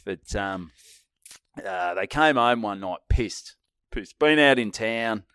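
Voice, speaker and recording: Laid-back Australian bloke telling yarns. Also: male voice, on the low side, expressive, slow, a bit bright, clear, resonant tone, dry recording, studio quality. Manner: swearing, laughing, rambling anecdotes. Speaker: podcast co-host. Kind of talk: casual chat, storytelling.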